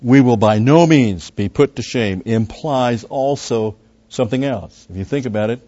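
A man's voice: mid-range voice, moderate pace, dark tone. A man teaching through a Bible passage verse by verse, conversational and full of asides, pressing hard on key words. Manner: conversational, with frequent asides and restarts. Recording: dull lo-fi recording.

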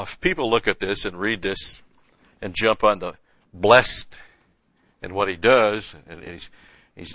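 Forceful low-voiced man teaching Scripture. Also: no room sound, highs cut off. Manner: emphatic, rises in pitch and volume on key points, rhetorical questions. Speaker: Bible teacher. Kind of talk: conversational Bible-study sermon.

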